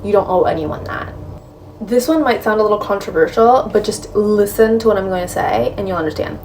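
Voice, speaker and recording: A woman's voice: medium pitch, a little fast, darkish tone. A woman giving frank, direct breakup advice in a casual talk, filling her speech with "like" and "right?". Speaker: advice vlogger. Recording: slightly distant mic with faint room noise.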